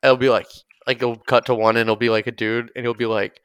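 Brief: young male co-host, loose and crude, riffing skit ideas in a clear voice. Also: mid-range voice, level tone, a little fast, fairly bright tone, no room sound, studio quality. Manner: riffs on skit ideas, swears, laughs often. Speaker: podcast co-host. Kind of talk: casual crude comedy chat.

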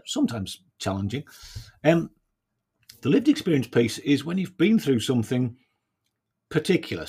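A man's voice: medium pitch, darkish tone, breathy edge. A man hosting a casual solo podcast, thinking aloud in a reflective way and often adding tag questions. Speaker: podcast host.

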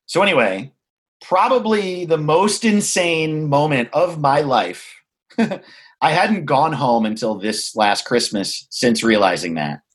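A man telling a personal story in a frank, reflective way, swearing freely and pausing to find his words. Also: on the high side, lively intonation. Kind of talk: candid conversational storytelling.

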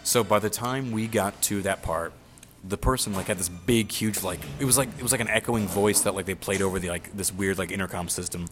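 A man's voice: low voice, brisk, music in the background. A young man casually telling a rambling story, swearing freely and acting out the voices of the people he quotes.

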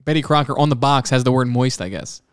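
This man co-hosts a podcast, trading teasing banter and laughing often in casual conversation. He talks fast in a clear, resonant, mid-range voice, recorded cleanly in a studio with no room sound.

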